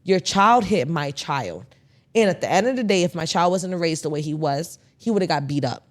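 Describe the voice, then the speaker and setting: A woman in her thirties telling a story in a casual podcast chat, animated and blunt, swearing freely. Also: on the low side, quick pace. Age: 30s. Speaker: podcast co-host.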